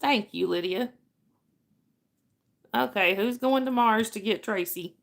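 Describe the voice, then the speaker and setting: A woman's voice: a little high, slow pace, gravelly. A woman hosting a livestream, chatting casually with viewers and laughing often. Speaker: livestream host.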